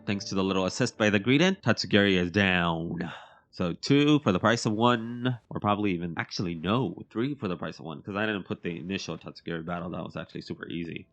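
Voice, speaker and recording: A young man giving chatty, excitable let's-play commentary on a game, mocking himself as he goes. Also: lowish voice, muffled recording. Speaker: gaming commentator.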